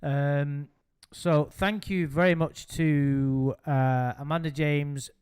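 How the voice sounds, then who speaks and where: A man hosts a relaxed podcast chat, voice sitting a little high for a man. He rambles along with lots of ums and restarts. The sound is close and dry, with no room around it. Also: slow pace, smooth, dry recording. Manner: rambling, hesitant with many ums. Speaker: podcast host. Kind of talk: casual chat.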